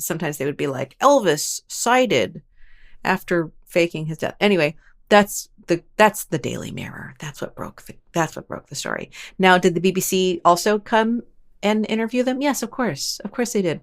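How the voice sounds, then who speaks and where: A woman hosting a paranormal storytelling show, narrating casually and chattily with wry asides and quick self-corrections. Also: lowish voice. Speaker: host of a paranormal storytelling channel.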